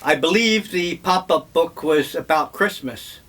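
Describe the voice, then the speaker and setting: Slow, rambling older man. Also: fairly high pitch, animated, a bit bright. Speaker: vlogger. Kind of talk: casual reminiscing monologue.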